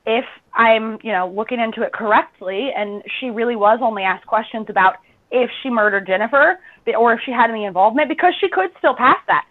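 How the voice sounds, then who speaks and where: A woman hosting a podcast in casual chat, telling stories in an animated way and jumping up in pitch when she quotes herself. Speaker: podcast host. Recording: tinny phone-like line.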